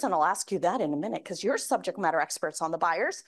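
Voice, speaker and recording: A woman giving a lively conference keynote, speaking energetically to the room and getting the audience to raise their hands. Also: quick pace, hardly any pauses. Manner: acts out quoted voices with big pitch swings.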